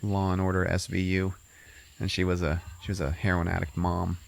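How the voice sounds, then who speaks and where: A man's voice: low voice, flat delivery, brisk, vocal fry. A man hosting a podcast, casually retelling a movie plot in a rambling, profane way full of fillers. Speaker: podcast host.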